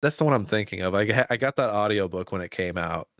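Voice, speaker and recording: A man's voice: fairly low pitch, animated, fast talker, fairly bright tone, dry recording, studio quality. A man co-hosting a casual movie podcast, swearing freely and acting out quotes in silly voices. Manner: profane, jokey, acts out quotes. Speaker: podcast co-host.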